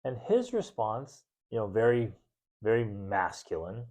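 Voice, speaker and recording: A man with a mellow, warm voice hosts a casual podcast conversation with his wife. He talks freely and animatedly, jumping into little acted-out voices when he retells their disagreements. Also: on the low side, unhurried. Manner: animated, acts out arguments in voices. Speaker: podcast host.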